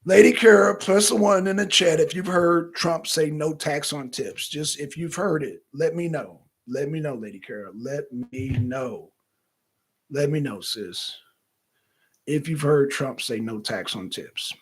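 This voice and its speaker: A man hosting a political talk livestream, animated and repetitive, calling out viewers in the chat. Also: on the high side, measured pace, husky. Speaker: talk show host.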